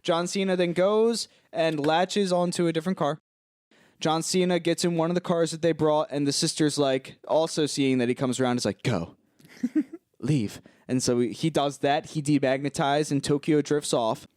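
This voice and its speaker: A man co-hosting a podcast, retelling film scenes in an animated, casual way and laughing as he goes. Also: a little high, moderate pace, no echo, studio quality. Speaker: podcast co-host. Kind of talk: casual film recap chat.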